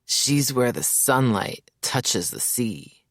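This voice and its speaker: A man voicing a lovestruck young man who dreamily recites Shakespeare in a slow, theatrical way. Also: fairly low pitch, big pitch swings, gravelly, no room sound, clean studio sound, exaggerated voice. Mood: swooning, dramatic.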